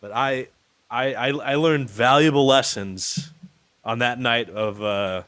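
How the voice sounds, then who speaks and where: A man's voice: mid-range voice, slow, a bit bright, no echo. A man co-hosting a podcast remotely in casual chat, rambling and swearing, padding his talk with "like.". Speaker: podcast co-host. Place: on the road, remote call.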